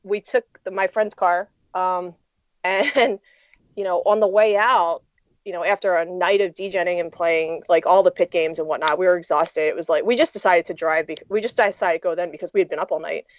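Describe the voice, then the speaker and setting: A woman's voice: lowish voice, fairly quick, no echo, highs cut off. A young adult woman telling a story in a casual interview, rambling with lots of fillers and restarts. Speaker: poker player guest.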